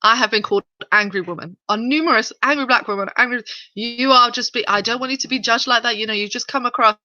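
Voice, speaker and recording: A woman co-hosting a casual opinion chat, animated and incredulous, mimicking others in quoted voices. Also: fairly high pitch, fast talker, dry recording. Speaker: podcast co-host. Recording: dull lo-fi sound.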